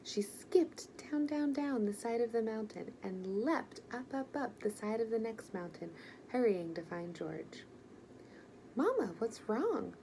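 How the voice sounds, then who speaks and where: Woman reading a kids storybook, gentle and expressive, mellow voice with some fry. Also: fairly high pitch, unhurried, a little hiss or hum, poor audio. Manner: gentle, expressive read-aloud. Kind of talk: reading a children's picture book aloud.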